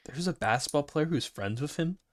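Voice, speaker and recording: A man's voice: a little high, lively intonation, a little fast, no echo. A young man with a Midwestern American accent, co-hosting a casual podcast with dry jokey asides. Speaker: podcast co-host. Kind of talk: casual chat.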